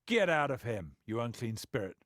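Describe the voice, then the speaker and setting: A man's voice: on the high side, very animated, a little slow, no echo, studio quality. A man voicing a commanding male leader in an audiobook, firm and dryly humorous. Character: commanding male teacher, brisk and wry. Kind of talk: audiobook character voice.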